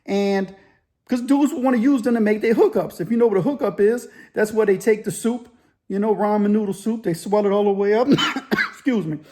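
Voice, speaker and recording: A man telling a story casually, loosely and with animated sound effects. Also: high-pitched, normal speed. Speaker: storyteller, former inmate.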